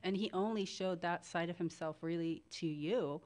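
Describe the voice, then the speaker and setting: A woman's voice: lowish voice, normal speed, a little mellow. A woman co-hosts a talk show, reacting with feeling to her guest's story. She talks in loose, restarting sentences, in a casual and empathetic way. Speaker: co-host.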